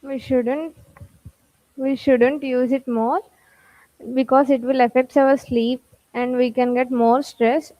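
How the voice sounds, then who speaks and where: A young woman student with an Indian English accent, speaking haltingly in a group discussion practice. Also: sits high, steady tone, mellow, highs cut off. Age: young adult. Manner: hesitant, halting.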